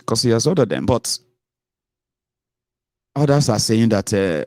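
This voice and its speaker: A man's voice: fairly low pitch, sing-song, a little slow, a little mellow, no room sound, clean studio sound. A man hosting a casual political commentary show, chatty and sarcastic, slipping into Pidgin.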